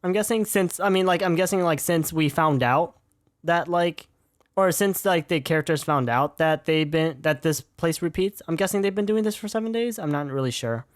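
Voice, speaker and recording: In clean studio sound with no echo, a medium-pitched voice at normal speed belongs to a streamer chatting casually over their game. They swear frequently, ramble on and call themself an idiot in a self-deprecating way.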